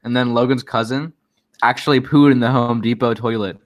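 A man's voice: mid-range voice, fairly even intonation, brisk, no room sound. A young man telling a rambling story in casual chat over a video call, full of fillers and giggles.

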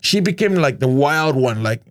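A man's voice: fairly high pitch, moderate pace. Laid-back storyteller man. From Hawaii. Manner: animated, laid-back storyteller who slips into voices. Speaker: guest. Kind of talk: casual interview storytelling.

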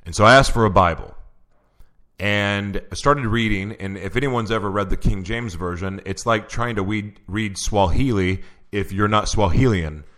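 Male guest, very low voice, earnest testimony, halting storytelling. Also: a bit bright. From Oklahoma. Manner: earnest storytelling, many restarts and fillers. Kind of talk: personal testimony in interview.

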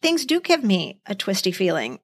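A woman's voice: mid-range voice, huge pitch swings, moderate pace. A woman co-hosting a podcast, thanking listeners in a gushing, self-mocking way. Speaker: podcast co-host. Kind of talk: casual chat.

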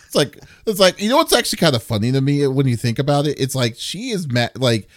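A man hosting a casual podcast, talking with halting restarts and wrapping up with an upbeat sign-off. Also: medium pitch, very animated, no echo, studio quality. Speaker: podcast host.

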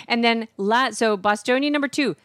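A woman's voice: a little high, moderate pace, a bit bright, no room sound, studio quality. A woman co-hosting a radio show, playful and teasing as she reads through a list. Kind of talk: casual comedic radio banter.

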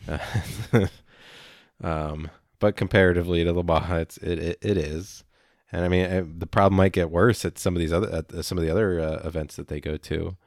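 A man chatting casually as a podcast co-host, rambling and halting with many fillers. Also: sits low, steady tone, a little mellow, no echo, clean studio sound. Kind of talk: casual chat.

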